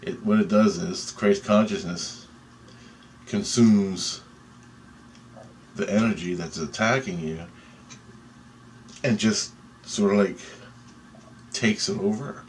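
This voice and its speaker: A man telling a dream story in an excitable, rambling way, swearing often and restarting sentences. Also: fairly low pitch, slow pace, long pauses, slight background noise.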